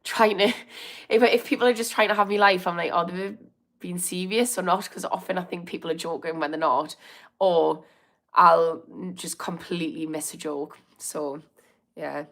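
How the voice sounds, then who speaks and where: This livestream host, a middle-aged woman in recovery from addiction, talks frankly and reads out comments at a moderate pace. Her voice is lowish with fairly even intonation, and she seems a little unwell.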